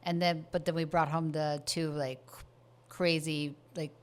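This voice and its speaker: A woman's voice: deep voice, flat delivery, unhurried, clear, resonant tone. A woman co-hosting a podcast, chatting casually about a movie in an easygoing way, with many fillers and agreeing murmurs. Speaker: podcast co-host.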